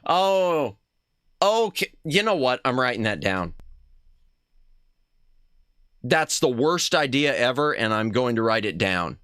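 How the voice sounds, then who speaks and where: A man's voice: mid-range voice, sing-song, normal speed, a bit bright, smooth, dry recording, clean studio sound. A man chatting casually while streaming a retro game, playful and laughing at himself as he reads the game text aloud. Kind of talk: casual live-stream gaming chat.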